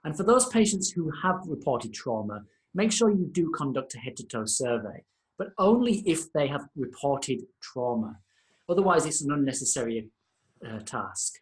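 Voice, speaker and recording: A man's voice: medium pitch, big pitch swings, normal speed. A man with an Australian accent, a senior lecturer giving a recorded lesson to paramedic students in an informal, instructive manner.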